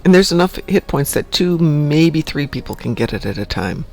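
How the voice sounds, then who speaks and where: Soft music plays behind a man with a slightly high, animated voice at normal speed as he hosts a relaxed morning stream from home. He rambles and chats, joking about himself and how his day is going.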